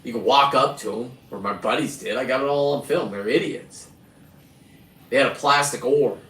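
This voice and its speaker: A middle-aged man who hosts his own videos tells a profane, self-aggrandizing story as a rambling casual monologue. He speaks at a moderate pace in a mid-range, slightly bright voice, and the sound is echoey and distant with faint ambience.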